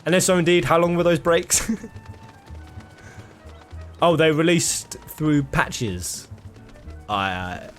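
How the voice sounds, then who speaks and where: A man casually chatting and laughing while streaming a game. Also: medium pitch. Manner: chatty, laughing, playful asides. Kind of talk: casual gameplay commentary.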